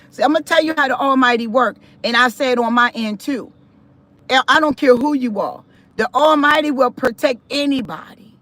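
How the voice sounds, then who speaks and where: Animated woman telling a story on a live stream. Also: high-pitched, a little fast, no room sound. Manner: animated, laughs while telling stories, preachy asides. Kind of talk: casual storytelling testimony.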